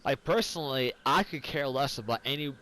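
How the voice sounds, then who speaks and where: A tipsy gaming commentator, a man who's had some whiskey, rambles and swears through casual game commentary. His mid-range voice is brisk with a sharp tone, and the recording is low quality.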